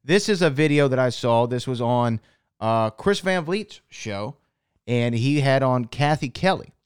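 A man's voice: mid-range voice, animated, clear, resonant tone, no echo, clean studio sound. A man co-hosting a podcast in casual chat, setting up clips and asking questions. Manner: quick, sets up clips. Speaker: podcast co-host.

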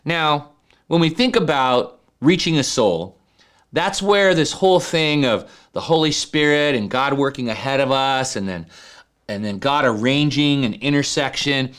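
Animated man preaching a sermon. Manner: animated preaching, rising to high emphatic peaks, frequent "right?". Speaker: pastor.

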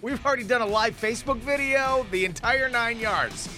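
A man's voice: extremely high pitch, normal speed, music in the background. A man hosting a casual radio show, joking and laughing often. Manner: joking, laughing often, mock-dramatic asides. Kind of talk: casual morning radio banter.

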